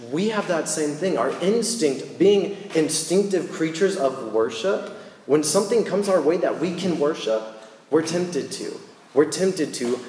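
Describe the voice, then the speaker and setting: A young man giving a casual sermon in a church, telling stories in an animated way. His voice sits a little high and rings out with a long reverb in a big, echoey hall. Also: a little hiss or hum. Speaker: preacher.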